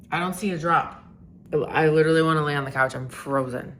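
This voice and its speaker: A woman's voice: deep voice, brisk, a bit bright, a little hiss or hum. A woman chatting casually in a day-in-my-life vlog from her home kitchen, rambling and swearing often as she moves around. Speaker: vlogger, identity coach.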